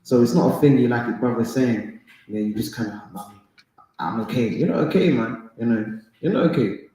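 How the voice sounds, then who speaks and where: A man leads a relaxed Bible study, pressing his points with conversational emphasis. His voice sits in a middle range and rings out in a very echoey room. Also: medium pitch, brisk. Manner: emphatic, conversational, says "man" and "right?" often. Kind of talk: casual Bible study teaching.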